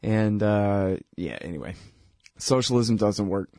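A man's voice: on the low side, animated, unhurried, mellow, no room sound, clean studio sound. A man giving casual, sardonic political commentary, laughing at his own points and peppering his talk with "dude" and "man". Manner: filler-heavy, says dude and man.

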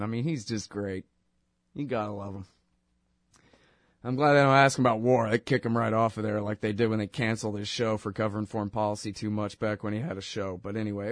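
A man's voice: medium pitch, dry recording, studio quality. Rambling, sarcastic male talk host. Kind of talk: casual opinion talk.

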